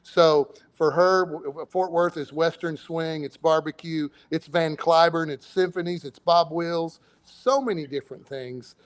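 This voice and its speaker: A modest man being interviewed about his songs, easygoing and quick to laugh. His voice sits a bit higher than most men's. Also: steady tone. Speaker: guest musician. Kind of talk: interview talk.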